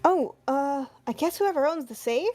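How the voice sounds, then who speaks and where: A woman's voice: high-pitched, animated, moderate pace, a little mellow, no room sound, soft background music. A woman voicing an eager young female sidekick investigator in a fan game dub.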